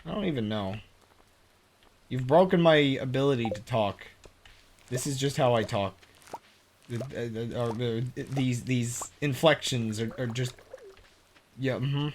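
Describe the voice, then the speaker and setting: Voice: mid-range voice, measured pace, pauses often, a little hiss or hum. A streamer from Appalachia chatting casually over a farming game, rambling, laughing often and slipping into a put-on drawl. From Appalachia, United States. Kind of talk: casual gameplay commentary.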